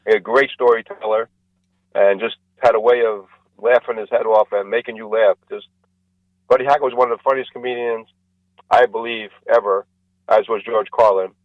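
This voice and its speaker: Male comedian guest, lively joke-teller, muffled dry radio audio. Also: normal speed, no echo. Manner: animated joke-telling, acts out characters with rising pitch. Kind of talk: radio interview storytelling. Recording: dull lo-fi radio sound, dry.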